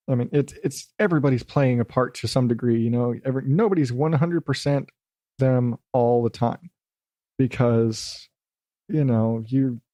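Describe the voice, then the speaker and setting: A man's voice: medium pitch, warm tone, no room sound, clean studio sound. A man hosting a rambling solo podcast, talking about himself in a self-deprecating way and drifting into put-on accents. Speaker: podcast host.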